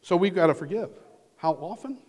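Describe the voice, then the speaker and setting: Male pastor, sermon delivery, lively pitch swings, long hall reverb. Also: fairly quick. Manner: earnest preaching, swells loud then drops to near whisper.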